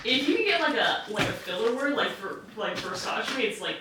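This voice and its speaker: Woman tabletop player, boisterous and swearing, lively high voice, distant mic in a reverberant room with noise. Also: brisk. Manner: loud, laughing, swears freely. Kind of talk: casual tabletop chat. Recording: echoey room, far from mic, noisy.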